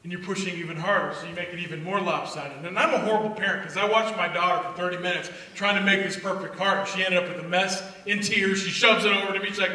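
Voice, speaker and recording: Middle-aged male preacher, lively storyteller, high bright voice, distant roomy church-hall recording. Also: fast talker. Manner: lively storyteller acting out family dialogue. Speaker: speaker at a church youth gathering. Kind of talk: storytelling sermon. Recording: echoey hall from far off, faint noise.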